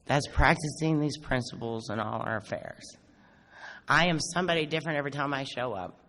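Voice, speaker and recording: Sarcastic woman telling it straight at a recovery convention, bright sharp voice, big hall echo. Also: extremely low pitch, brisk. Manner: blunt, sarcastic, self-mocking, swears. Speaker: AA speaker. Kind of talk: recovery talk to a convention crowd. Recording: echoey hall with faint noise.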